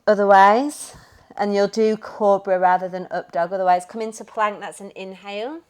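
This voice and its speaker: A woman teaching a yoga class, cueing poses and breaths in a calm, upbeat way. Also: mid-range voice, moderate pace, clear, resonant tone. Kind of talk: guided yoga class instruction.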